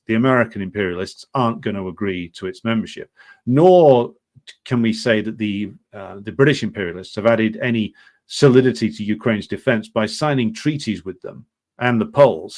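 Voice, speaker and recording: Sardonic, hesitant male commentator, lowish voice. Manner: hesitant, many fillers and restarts, sardonic. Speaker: political commentary host. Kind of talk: unscripted commentary reading from an article.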